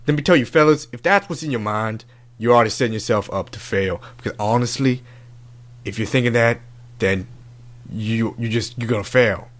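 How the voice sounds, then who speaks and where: A man's voice: fairly low pitch, lightly acted. A man doing a crude, swaggering love doctor. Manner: swaggering, profane slang-heavy talk. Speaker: comedy podcast host. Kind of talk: comedic podcast character bit.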